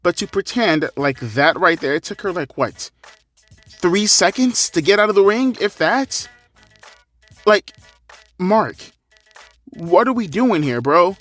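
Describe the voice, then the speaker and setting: A man's voice: high voice, expressive, slow, pauses often, a bit bright, soft background music. A young man hosting a crude, sarcastic rant commentary, cursing heavily. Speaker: commentary channel host.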